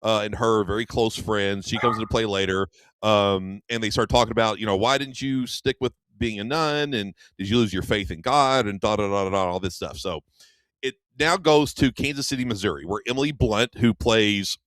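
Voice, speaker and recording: A man's voice: fairly low pitch, a little fast, a bit bright, no room sound. A man co-hosting a radio show, casually retelling a movie plot and acting out the characters' lines. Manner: rambling storyteller, acts out quoted lines. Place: radio studio.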